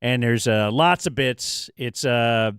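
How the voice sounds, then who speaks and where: A male talk show co-host rambles through a casual story. He trips over restarts and fillers in a smooth, resonant voice. The studio sound is dry and close. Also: medium pitch, slow, fairly bright tone, no room sound. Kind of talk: casual chat.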